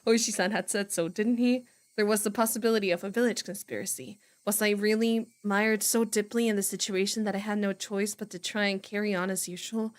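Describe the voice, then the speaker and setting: A woman's voice: mid-range voice, steady tone, fairly quick, close to an everyday voice. A woman reading the first-person narration of a wary, paranoid teenage boy in a readalong, in a tense, self-warning inner monologue.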